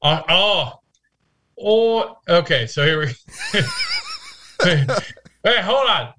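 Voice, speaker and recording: A man's voice: a little high, very animated, slow pace, background noise. A man co-hosting a casual podcast chat, teasing and joking, laughing often. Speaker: podcast co-host.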